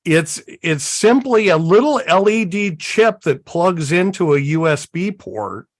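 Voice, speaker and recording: A man talks through gear on a live hobby show in a slow, easygoing way, with plenty of "uh" and "um" along the way. His voice sits in a middle range and sounds dry and close, with no room around it. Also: high voice, lively intonation, no echo. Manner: unhurried, folksy, many fillers. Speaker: co-host. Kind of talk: casual show-and-tell chat.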